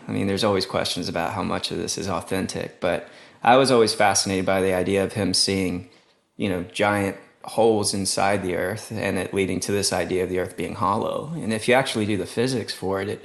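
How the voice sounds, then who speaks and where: A man with a fairly low voice co-hosts a podcast and talks loosely and casually. He is animated as he moves from one point to the next. His delivery sounds offhand and conversational. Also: vocal fry. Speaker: podcast co-host.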